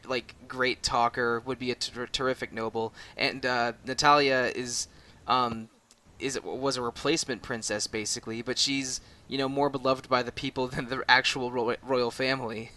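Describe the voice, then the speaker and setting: A man's voice: medium pitch, flat delivery, normal speed, sharp tone. A man co-hosting a casual podcast, talking through a game's characters with many fillers and restarts. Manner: hesitant, repeats words, frequent fillers. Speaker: podcast co-host. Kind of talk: casual game discussion.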